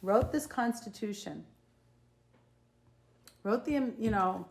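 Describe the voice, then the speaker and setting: A woman's voice: mid-range voice, animated, slow pace, gravelly, roomy sound. A middle-aged woman with a Boston accent, a guest in a casual political podcast chat, opinionated and emphatic, repeating her points.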